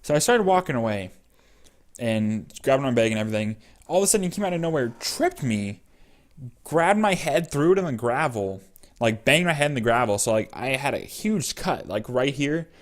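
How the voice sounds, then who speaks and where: A man's voice: mid-range voice, very animated, moderate pace. A young man vlogger casually telling a personal story, rambling with many fillers.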